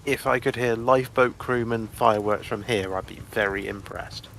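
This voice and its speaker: A man's voice: medium pitch, steady tone, normal speed, vocal fry, fairly bright tone, a little hiss or hum. A man co-playing on a gaming stream, chatting with a dry, wry humour. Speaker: co-player on stream. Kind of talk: casual gaming chat.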